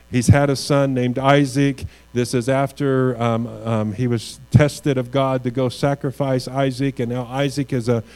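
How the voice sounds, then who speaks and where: A man preaching a sermon in a warm, mellow voice, earnest and a little halting, repeating words as he builds to key lines. A low mains hum runs under the recording. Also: rough recording. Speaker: pastor.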